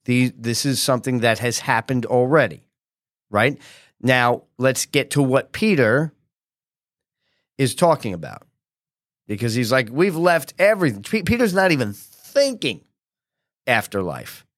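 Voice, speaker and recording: A man's voice: mid-range voice, unhurried, long pauses, no room sound. Conversational male pastor, dry sound. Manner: frequent tag questions to listeners; animated acted-out quotes. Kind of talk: conversational sermon teaching.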